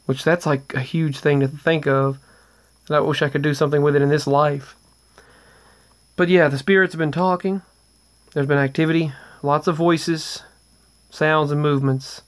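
The speaker is a man, a vlogger, whose voice sits a little high and barely shifts in pitch as he talks at a moderate pace. Earnest but rambling, he tells a casual story about ghostly events at home, often restarting sentences and adding trailing asides.

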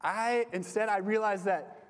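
In a hall with long reverb, a young man with a high-pitched, steady voice gives an unhurried, casual sermon to a campus group, drawing on personal stories. He's conversational, says "like" a lot, and lets his phrase endings drop softly.

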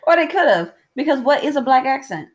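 A woman co-hosting a casual movie review podcast, chatty and laughing, often pausing to search for words, at home during a power cut. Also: high voice, very animated. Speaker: podcast co-host.

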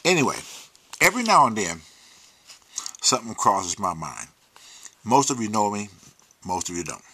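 A man with a lowish, sing-song voice talks at normal speed in a sharp tone with a breathy edge. He's hosting his own livestream, speaking candidly and emotionally in a casual monologue, swearing freely and sometimes sinking to a near-whisper.

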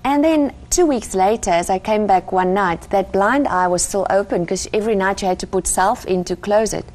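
A woman's voice: medium pitch, moderate pace, darkish tone. A middle-aged woman from Africa, earnestly telling her personal faith story as an interview guest. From South Africa. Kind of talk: personal testimony in conversation.

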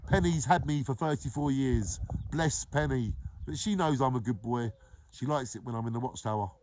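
A man, hosting a daily live show and warmly giving repeated shout-outs to viewers by name. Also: medium pitch, normal speed, no echo, poor audio. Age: 40s. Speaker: live-stream host.

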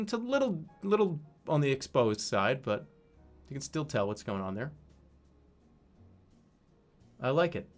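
A young man reviewing his viewers' emotes, rambling and joking, stumbling over his words and swearing. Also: mid-range voice. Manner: rambling, animated, swears, slips into silly voices. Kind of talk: casual comedic commentary.

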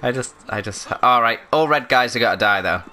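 Bright-voiced man playing a game. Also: mid-range voice, a little fast, faint music behind. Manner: chatty, flustered and apologetic. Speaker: let's play host. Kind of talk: casual gaming commentary. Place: at home with a barking dog.

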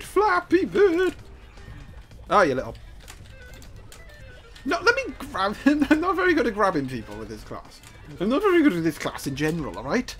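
Excitable gameplay commentator. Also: mid-range voice. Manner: joking, excitable, playful sing-song asides.

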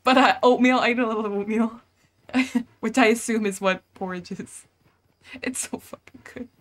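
A woman's voice: a little high, moderate pace. Giggly, chatty young woman streamer. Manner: bubbly, giggly, chatty with chat and friends, swears casually. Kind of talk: casual live-stream chat while gaming.

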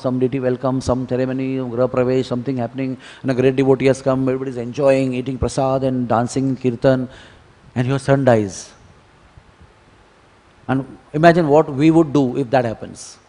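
A man giving a devotional scripture lecture in a temple, telling stories and moving between hushed and emphatic delivery. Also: medium pitch. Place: temple hall. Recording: long temple hall reverb.

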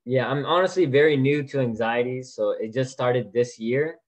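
An eighteen-year-old man calling into a video call forum, soft-spoken and hesitant, describing his worries. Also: medium pitch, normal speed. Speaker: caller.

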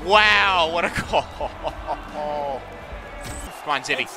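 A young man giving excited play-by-play while playing a hockey video game, shouting at goals and his voice cracking. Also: sits high, moderate pace, music in the background. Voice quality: frequent voice cracks. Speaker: gaming commentator.

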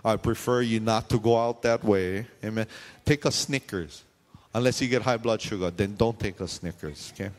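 A man's voice: on the low side, moderate pace. A man preaching a sermon as pastor, talking conversationally with joking asides and frequent questions to the congregation. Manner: frequent questions and call-outs to the audience. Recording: long reverb in a hall.

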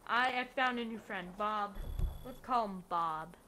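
A woman giving excitable let's-play commentary, yelping and chatting to the characters in her game. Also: mid-range voice, a little slow, a little hiss or hum. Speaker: gamer.

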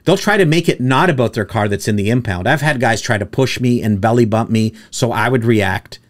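A man's voice: medium pitch, brisk. A man hosting a casual podcast about towing, telling stories and acting out what others said in raised voices. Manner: storytelling, jokey, acts out quotes in raised voices. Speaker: podcast host, tow truck operator. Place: studio with producer present.

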